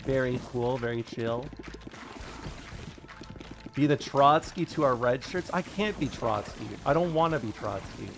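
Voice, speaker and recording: A man streaming live, chatting casually and wryly with his viewers, quick to joke and to deny things. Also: medium pitch, creaky, slight background noise.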